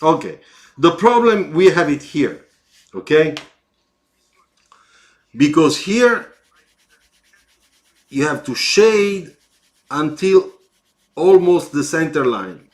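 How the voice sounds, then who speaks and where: Slow Italian-accented man critiquing sketches. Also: on the high side, expressive. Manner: slow, halting, encouraging teacher. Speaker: car designer giving sketch feedback.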